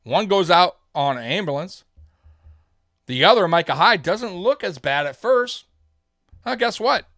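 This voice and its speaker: A man's voice: sits high, animated, unhurried, long pauses, a bit bright, no echo, clean studio sound. A man hosting a live sports show, talking straight to his viewers in a heated, rambling fan commentary.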